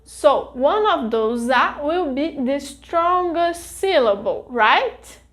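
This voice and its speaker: A Brazilian woman, a native Portuguese speaker, teaching a scripted language lesson in a clear, deliberate way. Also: high-pitched, animated, fairly bright tone.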